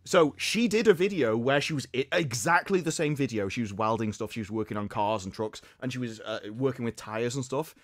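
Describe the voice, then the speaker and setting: A man on a podcast panel who argues his points and tells short anecdotes. His voice is mid-pitched for a man, and the recording is dry and close. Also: brisk, hardly any pauses, no room sound. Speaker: podcast guest. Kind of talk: casual chat.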